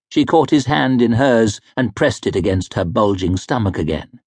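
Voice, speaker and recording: A man narrating a fantasy novel in a measured, wry storytelling manner, close to a studio mic. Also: fairly low pitch, lively intonation, darkish tone, husky, dry recording. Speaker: audiobook narrator.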